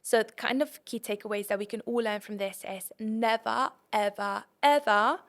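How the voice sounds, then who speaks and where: A young woman hosting a podcast, telling a travel story in an animated way and acting out her own panicked lines. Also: on the high side, moderate pace. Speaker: podcast host.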